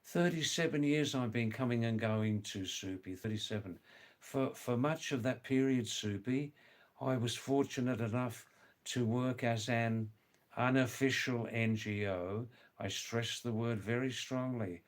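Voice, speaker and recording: An older man hosts a casual livestream, unhurriedly reading viewer comments aloud, repeating words and spelling out names. His voice is medium in pitch.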